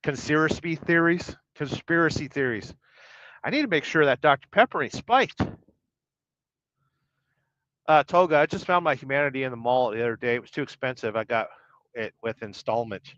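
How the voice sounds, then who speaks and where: A man's voice: mid-range voice, fairly quick, long pauses, a bit bright, no echo. Middle-aged man, casual livestream host, wry and rambling, teasing his chat, dry dull lo-fi sound. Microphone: podcast-style audio only. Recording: dull lo-fi dry stream audio.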